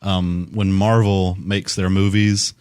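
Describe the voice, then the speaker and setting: A man speaking as a podcast guest in casual chat, measured and matter-of-fact. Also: deep voice, flat delivery, darkish tone, clean tone, no room sound, studio quality.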